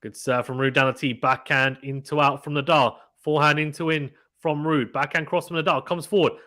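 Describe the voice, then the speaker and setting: A young British man calls a tennis match live in a casual, chatty way, laughing easily and reading out viewer messages between points. His voice is bright and forceful, sitting a little higher than most men's. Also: steady tone, a little fast. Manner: chatty, laughs often, reads viewer comments aloud. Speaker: live watchalong commentator. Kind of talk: casual play-by-play commentary reading chat.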